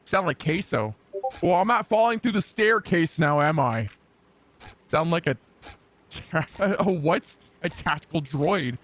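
A woman's voice: deep voice, expressive, unhurried. A woman streamer chatting playfully with her viewers through a voice changer that makes her sound male, laughing often. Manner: playful, giggly, reads and answers chat. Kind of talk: casual gaming stream chat. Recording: game music loud under voice.

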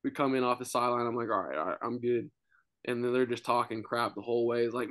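A man's voice: medium pitch, fast, fairly bright tone, dry recording. A young man in his twenties, a podcast guest telling a loose, rambling story in casual chat, full of filler words. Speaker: guest, college quarterback.

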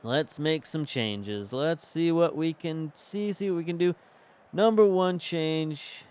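A male game streamer with a fairly high, slightly mellow voice commentates slowly and casually on his football management game. He chats his way through tactics and substitutions, thinking aloud as the match unfolds. The recording sounds muffled.

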